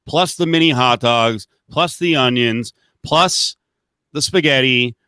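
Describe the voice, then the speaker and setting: A man's voice: medium pitch, takes it slowly, pushed and bright, clean tone, no echo, studio quality. A man hosting a radio show in casual banter, making wry, rambling asides.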